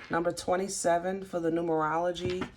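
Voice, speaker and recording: A woman giving a casual tarot reading, halting and gently reassuring, often restarting her sentences. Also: fairly low pitch, flat delivery, noisy background. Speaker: tarot reader.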